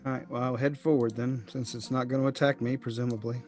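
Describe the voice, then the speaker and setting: A man's voice: mid-range voice, flat delivery, quick pace, a little mellow. Sarcastic guy playing a tabletop game over a call, dry humor, faint music. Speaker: player. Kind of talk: casual chat during a tabletop game. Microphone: online voice call.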